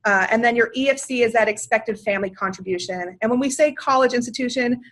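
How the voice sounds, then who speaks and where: A woman's voice: a little high, fast, fairly bright tone. A woman giving a webinar on financial aid, talking in an upbeat, enthusiastic and chatty way with filler words. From Washington state, USA. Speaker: financial aid outreach presenter. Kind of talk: webinar presentation.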